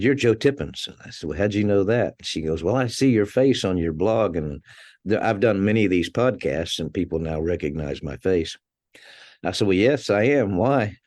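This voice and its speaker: A man's voice: sits low, a little mellow, dry recording, clean studio sound. A man being interviewed as a podcast guest, telling anecdotes in a conversational way, chuckling now and then and restarting his words.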